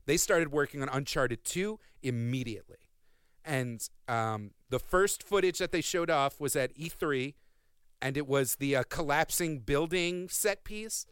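A man's voice: on the high side, animated, unhurried, fairly bright tone, clean tone, no room sound. A man co-hosting a casual chat podcast, explaining with a wry, dry sense of humor. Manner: wry, explanatory, dryly joking. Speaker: podcast co-host.

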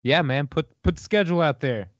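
A man's voice: a little high, brisk, dry recording, lo-fi sound. A man guesting on a podcast, bantering with crude, provocative jokes. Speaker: show guest. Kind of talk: casual chat.

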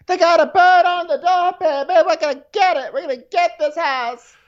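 A man putting on the voice of a giddy, excitable reality-show wife who squeals and gushes. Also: very high voice, normal speed, lo-fi sound, voice pushed up. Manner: squealing, gushing.

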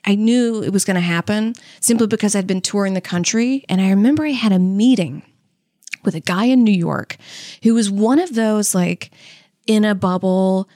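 With a warm, medium-pitched voice at a moderate pace, this young Louisiana woman, a comedian who co-hosts a podcast, shares candid stories laced with stand-up jokes. She's chatty and profane and laughs a lot, recorded in a clean studio with no room sound.

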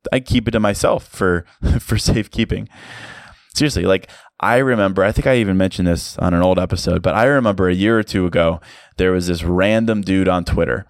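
Guy with a really low voice doing a chill solo podcast, lots of "like"s, dry close sound. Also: vocal fry, no room sound. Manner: casual and reflective, many "like" fillers, light laughs. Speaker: podcast host. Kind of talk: solo motivational podcast talk.

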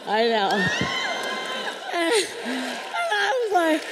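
A woman's voice: low voice, big pitch swings, unhurried. A woman on a live panel, telling a story with lots of energy, often laughing and acting out quotes. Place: large hall, live event on stage. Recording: reverberant hall with faint noise.

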